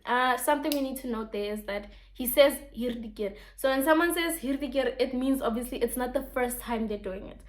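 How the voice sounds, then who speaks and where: A woman's voice: on the high side, brisk, hardly any pauses. A woman explaining a poem in a casual lesson, reading lines aloud and asking rhetorical questions.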